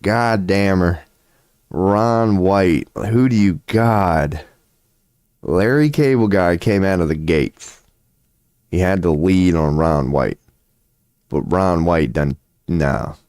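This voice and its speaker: A man with a deep, low voice rambles through a casual livestream rant. He is profane and excitable, and his voice sounds dry and close to the mic. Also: takes it slowly, clear, resonant tone, no room sound. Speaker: streamer offering tarot readings.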